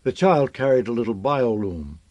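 A man narrating a science fiction novel in a measured, expressive reading. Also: medium pitch, no room sound, lo-fi sound. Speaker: audiobook narrator.

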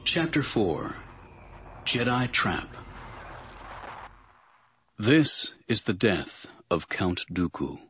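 A man giving dramatic, expressive audiobook narration. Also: fairly low pitch, very slow, pauses often, slightly rough, no room sound. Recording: dull recording with music underneath.

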